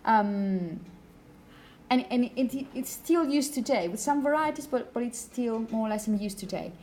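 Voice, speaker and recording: A woman's voice: a little high, expressive, a little slow, darkish tone, a little hiss or hum, low-quality recording. Woman teacher lecturing a class. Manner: explanatory, asks the class questions.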